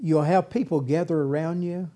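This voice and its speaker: A man's voice: a little high, steady tone, moderate pace, mellow. A man preaching a sermon in a folksy way, repeating words and acting out whiny voices, with a congregation answering. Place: church with congregation responding.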